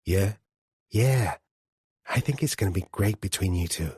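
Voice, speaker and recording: A man's voice: deep voice, lively intonation, a little slow, warm tone, husky, no room sound, studio quality, full character voice. A man voicing a blunt, affectionate woman friend who teases and reassures in an audiobook. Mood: encouraging. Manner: frank, teasing, reassuring. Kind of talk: audiobook character dialogue.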